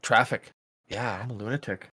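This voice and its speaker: A man's voice: medium pitch, fairly even intonation, moderate pace, sharp tone, slightly rough, dry recording, clean studio sound. A man co-hosting a podcast over a voice call, ranting with lots of swearing and acting out his own outbursts. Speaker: podcast co-host. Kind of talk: casual chat over a call. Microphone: voice call mic.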